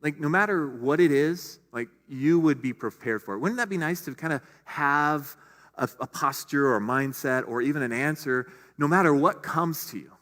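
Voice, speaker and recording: A man's voice: a little high, moderate pace, fairly bright tone. A middle-aged male pastor giving a conversational sermon, full of casual asides and restarts. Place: church sanctuary. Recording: long hall reverb.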